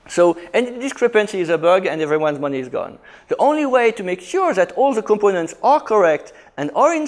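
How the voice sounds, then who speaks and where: A man giving a conference talk on programming, emphatic, with quick restarts and self-corrections. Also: sits high. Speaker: conference speaker. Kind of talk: technical talk.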